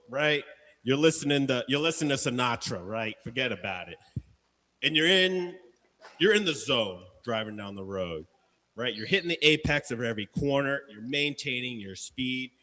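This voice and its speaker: A man's voice: medium pitch, fairly bright tone, big-room sound. A male radio co-host in playful game-show banter, joking and telling dramatic little stories. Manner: jokey, dramatic storyteller.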